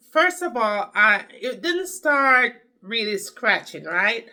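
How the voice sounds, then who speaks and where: A woman's voice: on the high side, big pitch swings, slow pace, few pauses, bright, forceful tone. A woman with a Jamaican accent chatting to camera as a vlogger, telling her story in a chatty, dramatic way. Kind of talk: casual chat to camera.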